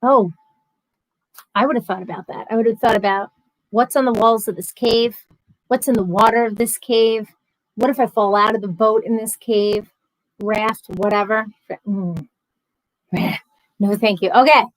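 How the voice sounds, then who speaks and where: A woman's voice: fairly high pitch, fairly even intonation, a little slow, pauses often, dry recording, low-quality recording. A woman hosting a casual livestream, chatting and reading viewer comments aloud with a sarcastic, chatty manner. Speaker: livestream host.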